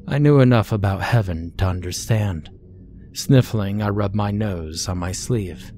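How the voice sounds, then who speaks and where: A man with a low, mellow voice narrates a horror story in a steady, measured way. A faint hiss sits under the recording.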